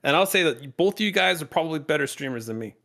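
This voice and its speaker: A man's voice: fairly high pitch, animated, fast talker, bright, forceful tone. A man appearing as a guest on a podcast, self-deprecating and laughing often. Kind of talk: casual podcast chat.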